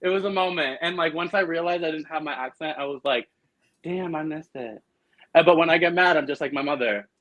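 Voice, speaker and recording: A man with a Boston accent, chatting casually as a podcast guest and telling animated stories full of fillers. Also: a little high, dry recording, rough recording. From Argentina. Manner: animated, quick storytelling with lots of fillers. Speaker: drag performer guest.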